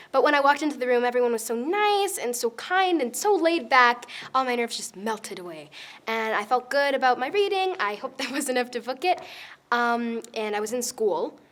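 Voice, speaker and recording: A young teenage actress talks through her experiences with giggly excitement. Her voice sits high and bright, and its pitch swoops lively from line to line. She sounds like an eager kid telling a story. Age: young teen. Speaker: actress guest. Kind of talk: casual interview chat.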